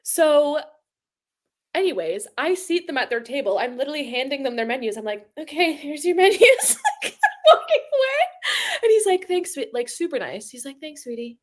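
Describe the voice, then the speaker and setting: A woman's voice: high voice, huge pitch swings, normal speed. A young adult woman co-hosting a livestream, telling a story in casual chat, acting out quotes and laughing often. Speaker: livestream co-host.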